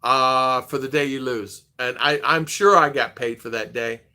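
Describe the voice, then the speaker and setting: A man's voice: mid-range voice, moderate pace, bright, forceful tone. An older man, host of a casual chat stream, rambling through a story and acting out the quoted dialogue with animation.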